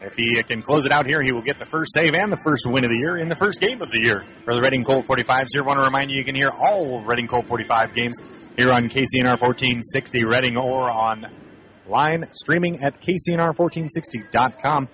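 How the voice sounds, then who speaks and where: A man calling baseball play-by-play for radio, relaxed and conversational, with asides between pitches. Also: a little fast, soft background music. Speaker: play-by-play announcer. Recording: slightly muffled radio broadcast.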